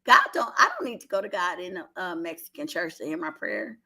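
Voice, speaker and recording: A woman's voice: on the low side, lively intonation, fairly quick, a crowd in the background. A middle-aged woman from Oakland with an Oakland accent, telling an earnest personal story on a call-in show and holding back tears. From Oakland, California. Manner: earnest, repeats herself, fights back tears. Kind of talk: emotional testimony on a call-in show.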